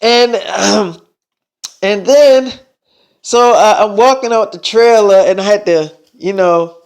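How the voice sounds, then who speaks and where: Man, high voice, rambling profane storyteller. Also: slow pace, vocal fry, clear, resonant tone. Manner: profane, rambling, full of restarts and fillers. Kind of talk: improvised first-person storytime.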